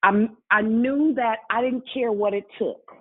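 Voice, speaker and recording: A woman's voice: fairly high pitch, measured pace. Woman preaching a testimony, tinny sound. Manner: conversational, addresses congregation directly. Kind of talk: sermon testimony.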